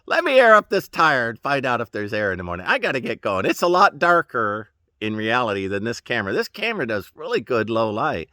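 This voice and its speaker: A man's voice: mid-range voice, big pitch swings, a little fast, bright, forceful tone, dry recording, studio quality. A man vlogging outdoors while fixing a trailer tire, rambling in a folksy way and short of breath. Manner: rambling, folksy, chuckling asides. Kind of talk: casual outdoor DIY vlog. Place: outdoors on rural land.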